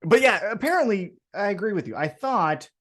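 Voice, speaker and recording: A man co-hosting a wrestling podcast, telling a story in a loose, profane style. His pitch swings up and down a lot, and he slips into the voices of the people he describes. It is a relaxed livestream chat. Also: brisk. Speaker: podcast co-host.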